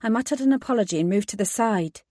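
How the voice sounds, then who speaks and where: A woman's voice: medium pitch, lively intonation, mellow, no room sound, studio quality. A woman reading a first-person audiobook, narrating steadily and giving the heroine's lines emphatic force. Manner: measured narration with emphatic dialogue.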